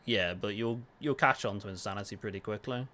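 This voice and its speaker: A young man livestreaming a game talks fairly quickly in a lowish voice, chatting casually with viewers and answering their questions. He's relaxed and swears now and then.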